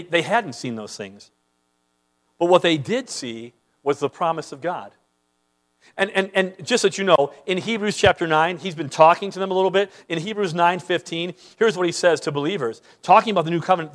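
A pastor delivers an emphatic sermon in a rather high voice, repeating words as he launches sentences and swinging between loud and soft.

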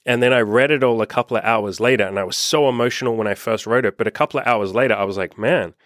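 A man's voice: mid-range voice, very fast, fairly bright tone, no room sound, clean studio sound. A young man coaching on dating, talking candidly and casually, acting out quoted texts and swearing freely. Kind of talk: casual monologue to camera.

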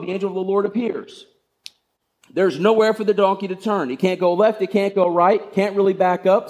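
A man's voice: high-pitched, a little mellow. A male pastor giving a sermon, retelling a story in a conversational way with rhetorical questions.

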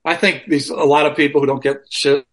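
A man's voice: on the high side, little pitch movement, a little fast, fairly bright tone. A man speaking as a guest in an interview, talking frankly and with plenty of profanity, rambling with many restarts over a remote call from his home. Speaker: guest musician. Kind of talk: candid conversational interview.

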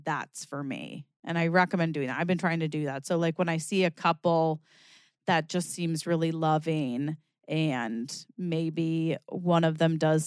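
A young adult woman hosting her own podcast, talking candidly and expressively in a casual solo monologue, from lively bursts to quiet reflection. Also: low-pitched, clean tone, no echo, clean studio sound. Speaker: podcast host.

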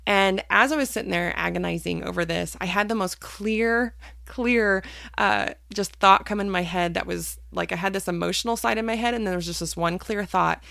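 A woman's voice: medium pitch, normal speed, gravelly, a bit bright, dry recording, clean studio sound. A woman hosting a personal faith podcast, talking candidly and hesitantly with many fillers and restarts. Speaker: podcast host.

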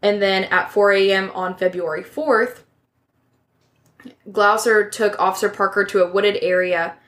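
A woman hosting a true crime podcast, reading a case from notes in a casual way with asides and self-corrections. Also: medium pitch.

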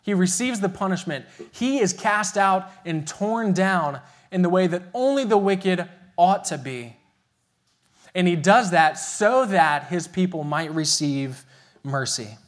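A young man preaching a sermon as pastor, telling a family story and slowing down to stress key phrases. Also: sits high, animated. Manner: storytelling, earnest and emphatic, slows for key phrases.

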